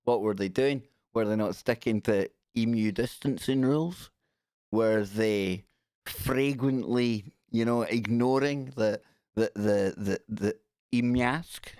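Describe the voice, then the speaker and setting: A man's voice: medium pitch, slow pace, a little mellow, dry recording, studio quality. Chatty man hosting a live stream. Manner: chatty and jokey, giggles while reading. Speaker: radio show host. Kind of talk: casual live-stream chat.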